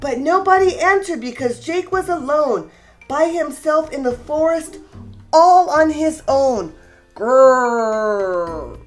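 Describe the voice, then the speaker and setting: A woman hosting a children's reading show and reading a rhyming story aloud with warm, expressive delivery. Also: high voice. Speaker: children's story reader, host. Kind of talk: read-aloud storytelling for kids.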